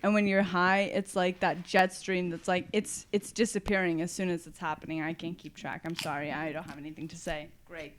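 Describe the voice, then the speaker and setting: A young woman who guests on a podcast and tells playful stories in a casual, animated chat. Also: fairly low pitch, brisk, a little hiss or hum. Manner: playful, animated, imitates cute voices.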